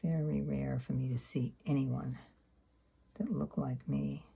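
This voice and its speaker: Woman, 70s, low mellow gravelly voice, rambling self-deprecating sketchbook chat. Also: fairly even intonation, unhurried. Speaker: sketchbook artist. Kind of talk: casual reflective talk while painting.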